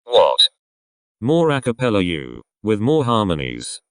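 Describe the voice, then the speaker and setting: A young man giving casual, excitable reaction commentary as a fan, swearing often and gushing. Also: fairly low pitch, normal speed, no echo. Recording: loud music under voice.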